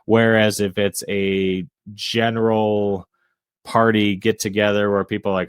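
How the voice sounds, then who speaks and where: A fairly low-pitched man speaks as a guest on a casual podcast, explaining things in a calm, measured way. He sounds like a self-described introvert and fills his pauses with "you know." The sound is dry and close, with no room echo. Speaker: real estate investor and realtor guest. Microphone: podcast microphone.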